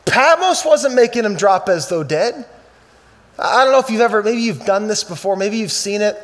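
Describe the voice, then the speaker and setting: A male pastor preaching a sermon, swinging from loud emphatic bursts to quiet, slow scripture reading. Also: sits high, lively intonation.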